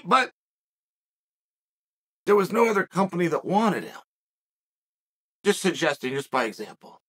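A man's voice: high voice, pushed and bright, slightly rough. A middle-aged man hosting a podcast, delivering a reflective commentary monologue full of rhetorical questions and restarts. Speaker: podcast host.

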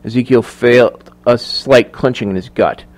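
A man narrating a thriller audiobook in measured, even storytelling. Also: medium pitch. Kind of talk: scripted narration.

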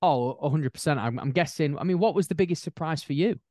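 A young man, a new dad and podcast guest, chatting casually and telling animated, rambling stories. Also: a little high, quick pace, no room sound, studio quality. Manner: animated storyteller, rambling with restarts. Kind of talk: casual chat.

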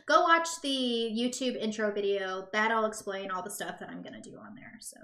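Giggly young woman hosting a stream, bright voice, roomy echo. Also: mid-range voice, moderate pace. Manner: giggly, bubbly, chatty. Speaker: talk show host. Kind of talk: casual live-stream chat.

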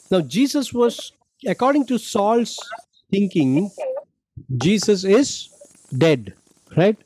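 A man's voice: sits high, a little mellow, dry recording, low-quality recording. A man from India teaching a Bible lesson to children, patiently explaining and checking in with "okay?". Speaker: youth ministry director teaching a Bible club.

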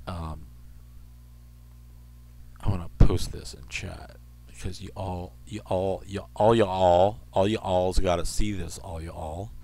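Low gravelly man reading weird news. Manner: rambling, drifts into soft asides. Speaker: radio show host. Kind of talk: casual talk radio news reading.

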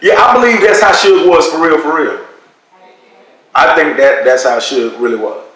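Man in his thirties, animated and profane, slightly high voice, very echoey room, mic far away. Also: moderate pace. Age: 30s. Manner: animated, profane, jumps into loud quoted voices. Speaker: guest telling a story. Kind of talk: casual storytelling, acting out quoted voices.

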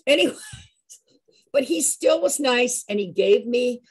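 Husky, animated storyteller woman in her 60s. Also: fairly high pitch, slow, rough recording. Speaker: show regular. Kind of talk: personal storytelling.

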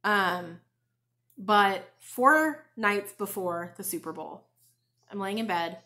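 A woman's voice: medium pitch, expressive, takes it slowly, sharp tone. A woman hosting a crafting podcast from home, telling a story in a chatty, casual way. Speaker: crochet and knitting podcast host. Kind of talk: casual chat. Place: home, in front of a bookshelf.

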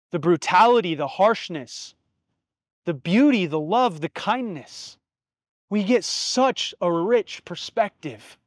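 A man's voice: high-pitched, no echo, clean studio sound. A man in his thirties hosting his own podcast, telling stories and reflecting in an earnest, heartfelt way, with casual swearing. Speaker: podcast host. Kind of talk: reflective solo podcast monologue.

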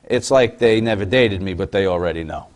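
A lowish-voiced male host reads out fan questions with a wry, teasing edge. He sets up each question with playful asides before handing it over, and the talk stays casual. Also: fairly quick, darkish tone. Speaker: interviewer host. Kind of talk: reading fan questions in an interview.

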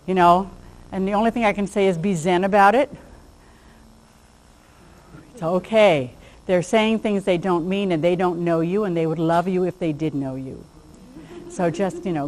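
A woman's voice: fairly low pitch, darkish tone, poor audio. A woman giving an informal lecture on dog behavior to a class, chatty, acting out little bits of dialogue and laughing at her own jokes.

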